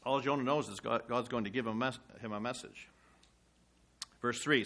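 A man's voice: medium pitch, brisk, fairly bright tone. A man preaching a sermon, reading scripture aloud with rising emphasis and explaining it in plain asides.

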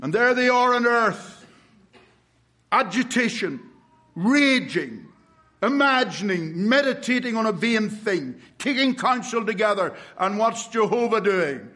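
A man preaching a sermon to a congregation, stressing words slowly and asking rhetorical questions. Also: high-pitched, animated, a bit bright. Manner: emphatic, with slow drawn-out stresses and rhetorical questions.

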